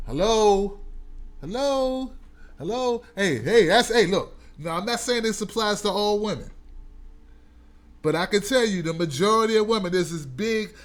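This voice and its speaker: A man hosting a casual live stream, talking straight to his chat in a loud, animated, joking and preachy way. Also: high-pitched. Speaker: host.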